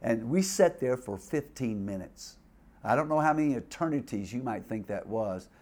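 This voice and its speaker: An older man preaching and telling a story in a sermon, stammering and repeating words as he talks with animated energy. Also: medium pitch, moderate pace.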